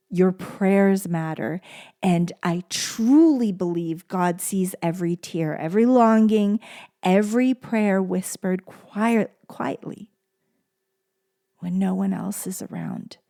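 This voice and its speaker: This podcast host is a woman with a lowish voice who speaks slowly. Her solo monologue is gentle and heartfelt, and she repeats phrases to drive points home tenderly.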